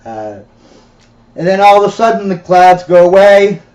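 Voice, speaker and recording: A man's voice: sits high, big pitch swings, moderate pace, darkish tone. A man telling a comic sermon story in a rambling way, laughing often. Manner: rambling, laughing, filler-heavy. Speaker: preacher. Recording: dull, roomy recording.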